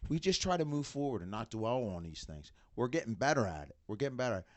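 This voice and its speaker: Middle-aged man, casual podcast chat, animated storyteller, expressive pitch, dry sound. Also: quick pace, dry recording. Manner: animated storyteller, acts out quotes. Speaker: band member, father of bandmates.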